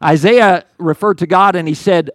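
A man's voice: high voice, moderate pace, a bit bright, no echo, clean studio sound. An older man pastor giving a conversational, earnest sermon, often restarting his words. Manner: conversational, earnest, with many restarts and acted quotes of the psalmist.

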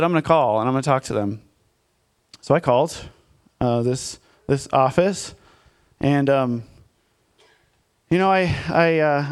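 A man's voice: medium pitch, smooth. Candid, self-deprecating male pastor. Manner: candid, self-deprecating storytelling with frequent fillers. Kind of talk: conversational sermon with personal story.

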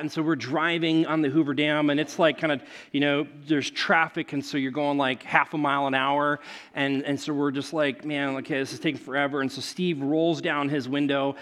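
Casual, rambling young pastor. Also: male voice, on the high side, a bit bright. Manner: casual, storytelling, many fillers, laughs at own stories. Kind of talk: sermon.

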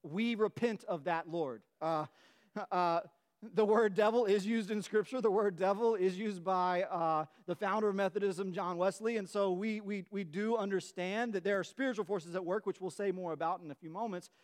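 A pastor with a notably high voice delivers a sermon in a church. He presses his points with emphatic repetition, restarting phrases, and his voice climbs as his fervor builds. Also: normal speed. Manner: emphatic, repeats words and restarts, voice rising with fervor. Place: church sanctuary.

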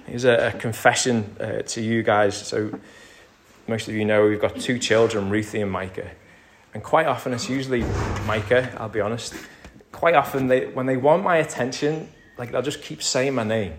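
Preaching at normal speed, a man with a medium-pitched voice keeps a fairly even intonation over a little hiss or hum. The pastor builds to forceful crescendos and sinks to near-whispers.

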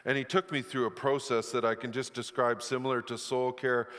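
A middle-aged man preaches a sermon in a church sanctuary, his mid-pitched voice trailing a long reverb through the hall. He tells candid, self-deprecating stories between points. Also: flat delivery, fairly quick, fairly bright tone. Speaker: pastor.

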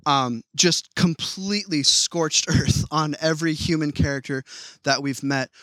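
A male preacher giving a conversational sermon, often stammering and restarting. His voice is bright and high for a man, recorded dry and close. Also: a little slow, dry recording. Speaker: pastor.

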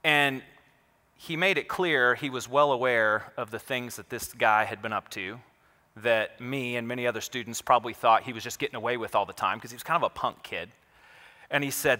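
Guy pastor telling a story in a sermon, laid back, pokes fun at himself, bright voice, long echo like a big church hall. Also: mid-range voice, normal speed. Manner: conversational storytelling, relaxed and self-deprecating.

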